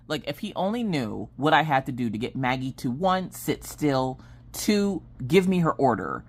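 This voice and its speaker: A Southern American woman in her thirties chatting casually, acting out family members' lines in an exasperated storytelling manner. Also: moderate pace. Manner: animated, acts out family members' lines with big pitch jumps and exasperated whispers. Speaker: craft vlogger.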